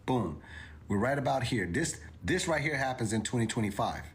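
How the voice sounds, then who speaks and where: A man's voice: mid-range voice, lively intonation, normal speed. A man hosting a livestream, talking viewers through crypto charts in an emphatic, repetitive way that climbs to incredulous exclamations. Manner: emphatic, repeats himself, rising to incredulous exclamations. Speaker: crypto commentator.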